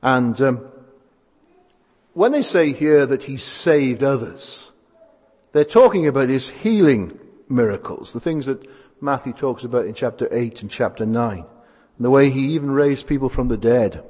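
A man's voice: mid-range voice, expressive, measured pace, darkish tone, husky. A man preaching a sermon, asking rhetorical tag questions and repeating phrases for emphasis. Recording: hall with long reverb.

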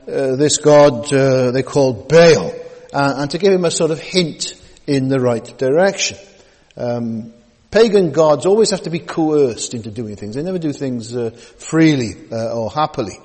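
A man preaching a sermon, halting with many fillers and repeated words, with folksy asides. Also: a little high, darkish tone, husky. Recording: long hall reverb.

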